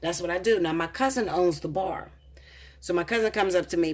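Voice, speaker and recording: A tarot reader in her thirties tells a personal story to camera in a casual yet heated, profane, confessional way. Her voice is lowish and brisk.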